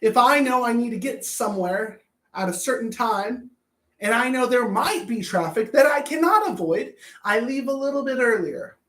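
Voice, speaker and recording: A man's voice: very high-pitched, lively intonation, normal speed, a bit bright. A man coaching anger management in a blunt, profane self-help talk, often repeating words as he thinks. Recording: roomy echo.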